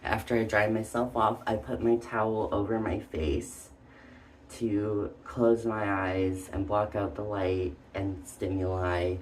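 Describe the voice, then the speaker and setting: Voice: deep voice, level tone, slow, a little hiss or hum. A vlogger talking casually and hesitantly, out of breath, with many ums and likes. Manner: hesitant, full of "um" and "like". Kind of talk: casual personal vlog.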